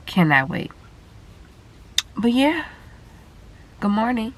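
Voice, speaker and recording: Low-voiced woman chatting to her camera. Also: fairly even intonation, unhurried, long pauses, slight background noise. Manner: chatty, talks straight to viewers. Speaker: vlogger and mother. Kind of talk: casual vlog update to camera.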